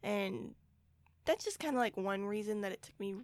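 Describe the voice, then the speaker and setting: A young woman co-hosting a casual review podcast, talking haltingly with constant "like" and "you know". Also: mid-range voice, expressive, no echo. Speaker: podcast co-host.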